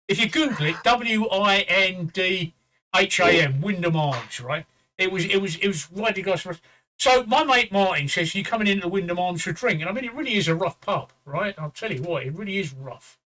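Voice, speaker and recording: Bright high-voiced Englishman telling a story. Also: animated, fast, low-quality recording. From England. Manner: swearing, repeats "right?" as a tag; quotes others in a raised voice. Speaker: show host. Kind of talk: casual storytelling chat.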